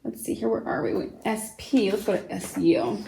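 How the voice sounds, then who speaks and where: A woman gently teaches a children's vocabulary lesson, slowly spelling words out letter by letter and pausing with fillers. Her voice sits at an ordinary middle pitch. The recording carries a noticeable room echo. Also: fairly even intonation, vocal fry, a little hiss or hum. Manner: gentle and encouraging, with frequent fillers. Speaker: homeschool teacher. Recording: echoey room.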